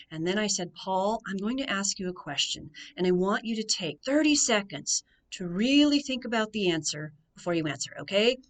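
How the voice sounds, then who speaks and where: On a radio show, a U.S. financial coach recounts a story at a measured pace, driving points home by repeating key phrases. She has a mid-range voice with a fairly bright tone.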